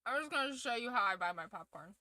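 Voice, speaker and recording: A woman's voice: on the high side, expressive, quick pace, bright, forceful tone, dry recording. A woman streamer chatting casually to her viewers, laughing often and swearing freely. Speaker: streamer hosting a watch-along. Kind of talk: casual chat.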